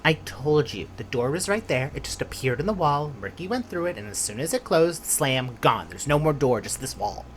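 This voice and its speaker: A woman reads out a nervous young boy who rambles and frets about a missing friend. The voice sits very low for a woman but moves a lot in pitch. The telling tumbles out in worried bits. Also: very animated, normal speed, few pauses, a little hiss or hum. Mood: anxious. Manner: anxious, rambling. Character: worried young boy, one of a group of kids.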